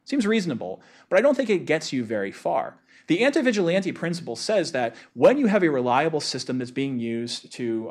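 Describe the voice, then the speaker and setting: A man giving a lecture in a casual way, with many filler words. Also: a little high.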